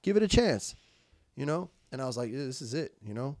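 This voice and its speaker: Very animated and fairly quick, a young adult man with a mid-range, slightly mellow voice tells his recovery story as a podcast guest, with no room sound. He swears in street slang, stays emphatic, repeats words and quotes himself in candid conversation.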